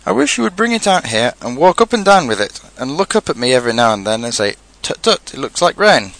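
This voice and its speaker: A man's voice: mid-range voice, very animated, fast talker, fairly bright tone, voice pushed up. A man voicing an earnest, anxious little bear in a storybook reading, musing and solemn.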